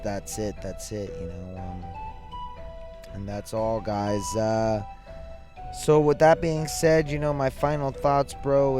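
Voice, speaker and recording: A man filling in as podcast host and producer, talking casually and sleepily, rambling with many fillers and restarts. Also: medium pitch. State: tired, yawning late at night. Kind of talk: casual solo podcast talk.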